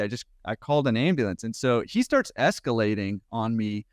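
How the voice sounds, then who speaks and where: A man's voice: medium pitch, dry recording, clean studio sound. A man, a podcast guest, telling a story casually and with energy, chuckling as he goes. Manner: animated, quick, laughing at his own story.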